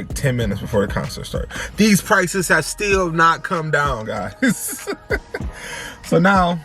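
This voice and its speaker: A man, a family vlogger, casually telling a story to camera in an animated, slangy way, repeating phrases for emphasis. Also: medium pitch. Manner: slangy, conversational.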